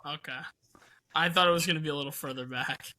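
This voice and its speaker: Podcast guy, kinda high, ums a lot, clears his throat. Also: fast talker, sharp tone. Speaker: podcast co-host. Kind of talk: casual chat.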